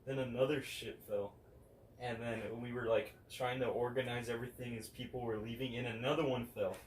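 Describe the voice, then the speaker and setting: Young dude co-host, casual chat, animated storytelling, roomy sound, bit far from mic. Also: male voice, mid-range voice, brisk. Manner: animated storyteller, acts out quotes. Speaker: podcast co-host. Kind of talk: casual chat among friends. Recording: roomy, distant mic with faint hiss.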